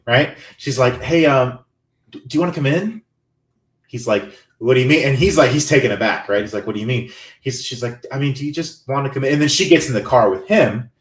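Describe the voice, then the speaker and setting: A man in his thirties talks through a film scene by scene, slipping into the characters' voices as he goes. His pitch sits in the middle, and the room around him rings with noticeable echo. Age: 30s. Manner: animated storytelling, acting out character lines. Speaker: podcast co-host. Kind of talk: casual podcast chat, movie recap. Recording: roomy echo.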